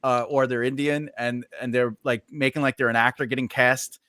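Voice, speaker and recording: A man's voice: medium pitch, a little fast, dry recording, clean studio sound. A man hosting a podcast interview, chatting casually with a joking, rambling manner. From Sicilian heritage. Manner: jokey, rambling, lively. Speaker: podcast host.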